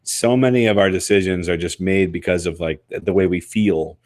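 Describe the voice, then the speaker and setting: A man co-hosting a podcast, explaining at length with many fillers and restarts, his voice rough from sickness. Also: low-pitched, a little fast, a little mellow, no echo. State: sick, rough voice. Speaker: co-host. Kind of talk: casual podcast chat.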